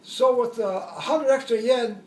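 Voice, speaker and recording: An older man telling a war story in a casual, rambling way, chuckling and acting out shouted quotes. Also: very high-pitched, unhurried, distant mic, slight background noise. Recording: echoey room, voice away from the mic.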